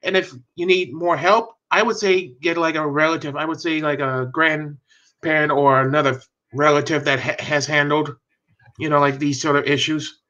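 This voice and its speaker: A man gives halting improv advice over a video call, with lots of fillers. His voice is bright and sharp, and the call audio sounds dull and lo-fi. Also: fairly high pitch, steady tone. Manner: hesitant, many fillers. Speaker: improv performer.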